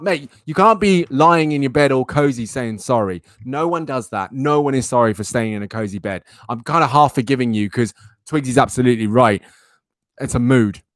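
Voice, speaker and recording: A man's voice: medium pitch, dry recording, clean studio sound. A young man hosting a live stream, chatting animatedly with his viewers. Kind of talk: casual live-stream chat.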